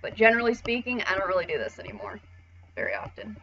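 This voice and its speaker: Casual female art tutor, bright tone, slightly muffled lo-fi mic. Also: mid-range voice, very animated, quick pace, soft background music. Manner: chatty, casual, swears, acts out voices.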